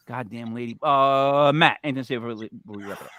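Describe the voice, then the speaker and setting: A man's voice: medium pitch, racing, few pauses, dry recording. A man hosting a casual fantasy football podcast, telling stories and ranting with swearing. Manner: animated, swears when ranting. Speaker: podcast host. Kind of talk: casual sports podcast chat.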